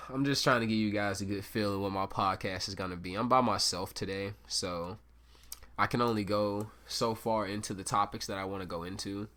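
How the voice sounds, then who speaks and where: A man's voice: lowish voice, fairly bright tone. A young man hosting a solo podcast, rambling and swearing through a casual story with self-mocking asides. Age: young adult. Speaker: podcast host.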